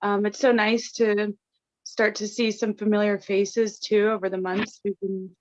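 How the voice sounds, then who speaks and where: A woman's voice: mid-range voice, flat delivery, a little slow, dry recording. Chatty woman on a muffled call. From Atlanta, Georgia. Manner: chatty, giggly, many fillers. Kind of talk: casual self-introduction. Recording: muffled video call audio.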